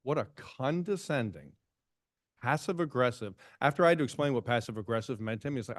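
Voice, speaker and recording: A man's voice: mid-range voice, fast talker, no room sound. A man speaking as a village commissioner at a public meeting, indignant and sarcastic as he recounts a dispute. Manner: indignant, sarcastic, quoting others. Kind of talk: heated public meeting remarks.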